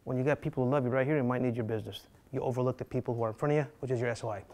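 Speaking very fast at a medium pitch, the middle-aged man teaches real estate in an energetic, theatrical lecture. He mimics panicked agents and cracks jokes with the class.

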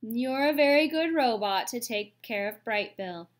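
A shy young beaver boy, as a woman reading puts him on talks quietly and gently. He sounds soft-spoken and a little timid. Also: on the high side, animated, measured pace. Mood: gentle.

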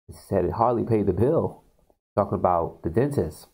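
A man's voice: sits low, lively intonation, moderate pace, darkish tone, slightly rough, poor audio. A man hosting a casual video, rambling through a movie recap and acting out lines. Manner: rambling, acts out characters' lines. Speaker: YouTube host.

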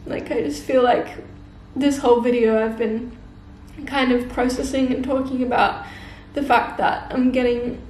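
A young woman talks to her camera in a soft, reflective, heartfelt way, her slightly high voice scattered with casual fillers. The room rings noticeably around her. A faint hiss sits underneath the recording. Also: little pitch movement, unhurried. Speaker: vlogger. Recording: roomy with faint background hiss.

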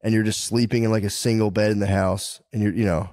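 A man in his thirties co-hosting a podcast, telling profane stories in casual chat and slipping into quick impressions of the people he quotes. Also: fairly low pitch, fairly even intonation, a little mellow, no echo, clean studio sound. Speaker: podcast co-host.

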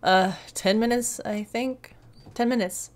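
A woman voicing a weary, sardonic young woman who grumbles in a flat, fed-up voice while organizing a town pageant. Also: on the high side, measured pace, natural voice. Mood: grumbling.

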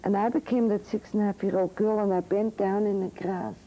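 Older woman psychiatrist telling a raw personal story to students, very dark mellow tone, old tape feel. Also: medium pitch, little pitch movement, brisk, rough recording. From Switzerland. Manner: frank, vivid, emotionally direct storytelling. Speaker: psychiatrist speaking to medical students. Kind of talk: candid storytelling lecture. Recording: old 1982 recording with faint hiss.

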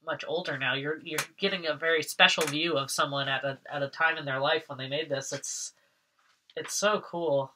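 A woman vlogger from Massachusetts chatting casually through an unboxing, excitable, laughing often and swearing when she rants. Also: deep voice, normal speed.

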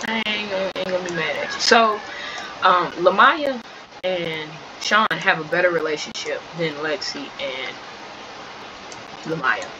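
A woman's voice: fairly low pitch, a little slow, background noise. A woman casually narrating a life-sim game story in a slangy, chatty way. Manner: slangy, animated, chatty commentary.

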